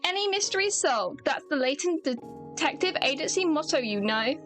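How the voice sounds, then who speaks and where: A woman's voice: sits high, sing-song, normal speed, over music. A woman doing a chirpy young woman detective. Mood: confident. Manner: chirpy, self-assured.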